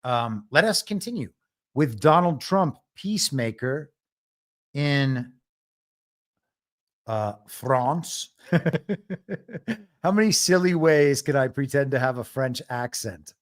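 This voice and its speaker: A man with an expressive mid-range voice speaks at normal speed while hosting a live political commentary stream by himself. He's wry and argumentative and often laughs at his own jokes.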